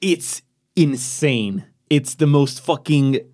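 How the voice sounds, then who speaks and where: Swearing, animated male podcast co-host. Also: a little high, slow, no echo, studio quality. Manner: animated, swears a lot, trails off into laughs. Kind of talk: casual chat.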